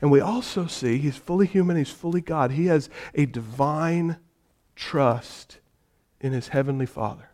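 A male pastor preaching a sermon in an animated way, shifting from hushed, gentle passages to loud, vivid storytelling. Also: on the high side, a little slow.

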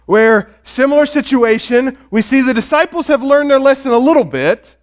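Animated man preaching in a high voice. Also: normal speed. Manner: animated, acts out quoted voices, shifts between loud emphasis and quiet; talks with the congregation, asks questions. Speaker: pastor. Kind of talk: sermon.

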